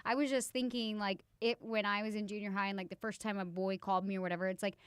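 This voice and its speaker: A middle-aged woman co-hosting a podcast with her husband, telling parenting stories in a lively, casual way. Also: mid-range voice, quick pace, clean tone, no echo. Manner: animated storyteller, acts out her daughter. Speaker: podcast co-host. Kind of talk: casual chat. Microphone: studio microphone.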